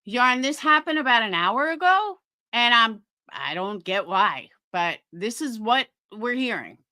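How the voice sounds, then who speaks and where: A woman's voice: a little high, animated, measured pace, bright, forceful tone, dry recording, clean studio sound. A woman livestreaming, defending herself in an indignant, sarcastic tone while talking to her chat.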